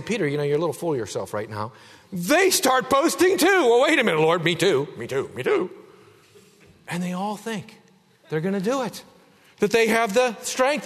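A man preaching a sermon, emphatic, dropping low and quiet then rising loud. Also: long reverb tail.

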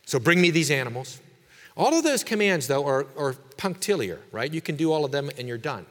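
Fairly high-voiced man preaching emphatically. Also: big pitch swings, brisk, big-room sound. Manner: emphatic preaching, swinging from quiet to forceful. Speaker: pastor. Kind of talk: sermon.

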